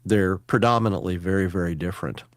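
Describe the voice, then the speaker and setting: A man with a low voice walks through his research findings point by point. He speaks in a measured, methodical way and backs his claims with studies. The sound is close and dry. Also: no echo. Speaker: near-death experience researcher. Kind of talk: guest explaining research.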